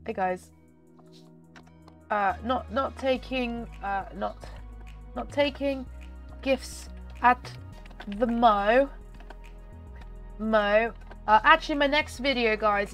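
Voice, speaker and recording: A woman chatting excitedly through gameplay commentary, her voice nasal and slightly hoarse. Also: fairly high pitch. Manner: chatty and excitable, talking to viewers. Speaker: gaming channel host.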